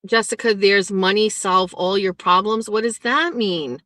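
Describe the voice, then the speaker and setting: A woman's voice: medium pitch, fairly even intonation, a little slow, fairly bright tone, no room sound. Blunt, foul-mouthed woman livestreamer. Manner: blunt and profane, ranting then chatty. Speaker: livestream host. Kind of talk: casual livestream chat reading viewer comments.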